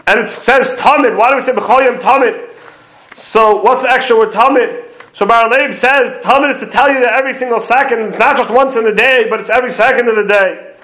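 A man's voice: extremely high pitch, a little fast, bright, forceful tone, echoey room, rough recording. A man giving a lecture on prayer commentary, explaining sources step by step and quoting Hebrew phrases. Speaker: Torah teacher.

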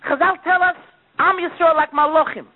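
A man giving a sermon with dramatic storytelling, his delivery swinging between loud outbursts and hushed asides. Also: very high-pitched, steady tone, moderate pace. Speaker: preacher. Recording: tinny phone-like recording.

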